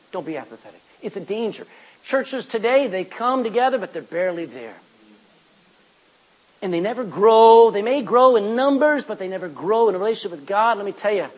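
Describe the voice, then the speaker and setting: A middle-aged male preacher giving a lively sermon, reading scripture and acting out everyday asides. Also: high voice, rough recording.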